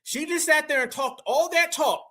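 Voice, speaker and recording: A man with a very high, piercing voice delivers heated online commentary straight to his audience. He talks in emphatic slang and keeps calling his viewers fam and y'all. The tone is sharp and forceful. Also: normal speed. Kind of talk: opinionated commentary.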